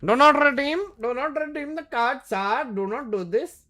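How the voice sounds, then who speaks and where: A man's voice: extremely high pitch, normal speed, bright, forceful tone, voice pushed up. A man voicing a pushy male tech-support scam caller with a put-on Indian English accent and stiff, wheedling phrasing. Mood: pushy pleading. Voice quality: formal broken phrasing, wheedling.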